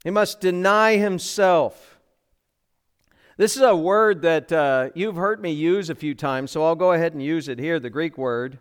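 A man's voice: a little high, unhurried, clean tone. A middle-aged man preaching a sermon in a church, emphatic, asking the congregation rhetorical questions. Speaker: pastor. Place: church sanctuary.

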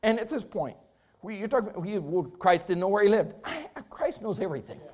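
A man's voice: high voice, sing-song, fairly quick, darkish tone. A man preaching a sermon as pastor, repeating phrases and building intensity as he speaks to his congregation.

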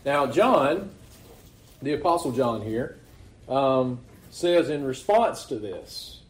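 A man's voice: mid-range voice, sing-song, slow pace. A man preaching a sermon in a loose, conversational way, often asking rhetorical questions. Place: church meeting hall. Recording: echoey hall recording.

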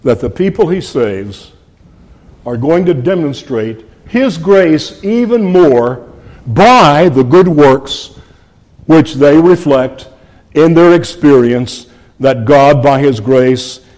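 A man's voice: on the high side, animated, slow, darkish tone, long reverb tail. A man preaching an expository sermon, earnest and emphatic, repeating key phrases and addressing his listeners as friends.

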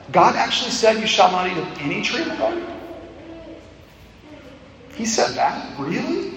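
A pastor delivers an expository sermon with a fairly high, gravelly voice, asking his listeners rhetorical questions. He is picked up from some distance in a church hall with a long, roomy echo. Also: fairly bright tone, slight background noise. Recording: echoey hall, distant mic.

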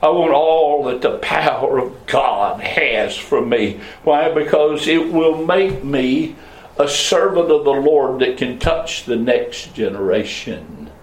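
A male pastor preaching a sermon, swinging between loud high calls and low murmurs. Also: lively intonation, slow. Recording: echoey room, voice from a distance.

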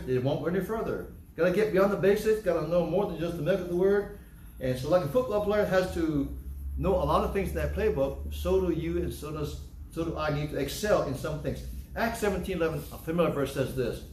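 A man's voice: a little high, a little mellow, roomy sound, a little hiss or hum. An older man preaching a sermon as pastor, emphatic and repetitive, acting out excuses people give. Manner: emphatic, repetitive, acts out church members' excuses. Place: church.

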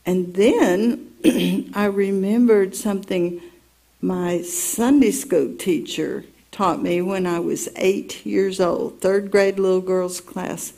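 Slow, mellow-voiced woman teaching scripture. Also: medium pitch, fairly even intonation, vocal fry. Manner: slow, earnest storytelling with personal asides. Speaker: Bible teacher. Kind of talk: Bible teaching, reading scripture aloud.

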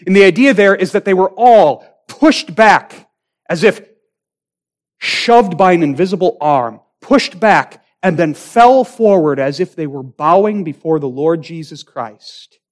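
Slow, high-voiced preacher with dramatic swells. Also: male voice, expressive. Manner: slow, dramatic delivery with emphatic swells and hushed drops. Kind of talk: sermon.

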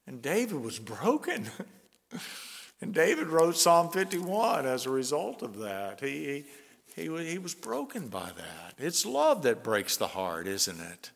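A man preaching a sermon as pastor, earnest and conversational, with soft chuckles between points. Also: mid-range voice, very animated, measured pace, vocal fry. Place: church sanctuary. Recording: long church reverb.

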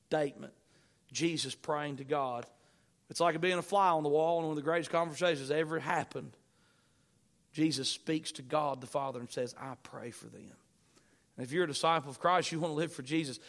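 Preaching in a fairly high, somewhat bright voice, a male pastor quotes scripture in King James wording. He repeats lines, building them with swelling emphasis.

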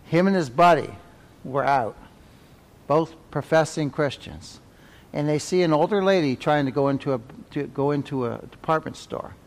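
A man's voice: a little high, normal speed, long reverb tail. A man teaching a Sunday school Bible class in a folksy, conversational way, repeating key phrases and checking in with "right?".

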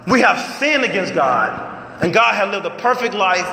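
A man preaching a sermon with lively call-and-response delivery, sometimes breaking into shouts, recorded in an echoey hall. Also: high voice, normal speed, gravelly. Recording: echoey hall, faint room noise.

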